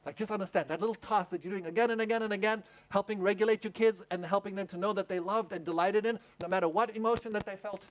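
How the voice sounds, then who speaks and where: A man's voice: high-pitched, fairly even intonation, quick pace, hardly any pauses. A male pastor preaching at a camp meeting, telling a story and asking the audience questions. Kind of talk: sermon.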